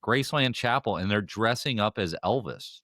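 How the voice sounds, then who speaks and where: A man's voice: lowish voice, animated, moderate pace, fairly bright tone, no echo, clean studio sound. A man hosting a casual podcast chat, rambling with many fillers and restarts. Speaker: podcast host.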